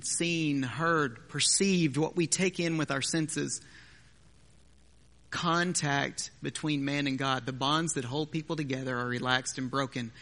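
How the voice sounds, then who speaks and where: A man preaches in a church sanctuary, his voice pitched a little high for a man. He keeps it conversational and drops in joking asides between points. A long hall reverb trails behind each phrase. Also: bright, forceful tone. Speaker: pastor. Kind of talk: sermon.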